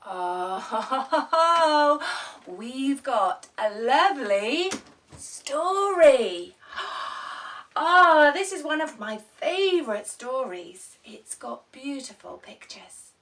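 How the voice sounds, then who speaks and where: A woman reading a picture book to preschool children, with gasps, hushed whispers and excited cheers, coaxing them with sing-song questions. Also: high-pitched, very slow, a little hiss or hum. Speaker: children's storyteller host.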